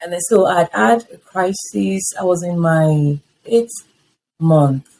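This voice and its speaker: A woman in her fifties speaks as an interview guest, sharing a personal testimony. Her voice sits a little low and has a husky, breathy grain. She tells the story with animation and acts out what people said to her. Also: a little slow, mellow, low-quality recording. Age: 50s.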